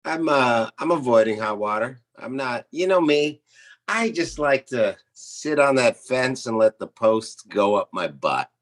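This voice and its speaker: A man guest telling crude comic stories in a deadpan way, speaking over a video call. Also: medium pitch. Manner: crude deadpan jokes, animated, quick shifts into put-on voices. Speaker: comedian guest. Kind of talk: comedic rant in casual chat.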